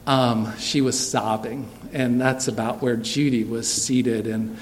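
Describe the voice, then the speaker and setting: A middle-aged man, preaching a sermon in a church sanctuary, telling a personal story earnestly and dropping soft and low for tender moments. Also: fairly even intonation, slow pace, a little hiss or hum. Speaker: pastor.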